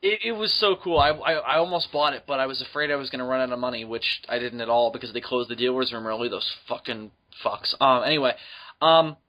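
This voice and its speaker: A man's voice: medium pitch, quick pace, lo-fi sound. A man co-hosting a podcast, telling a long story in casual chat, rambling with many ums and plenty of swearing. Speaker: podcast co-host.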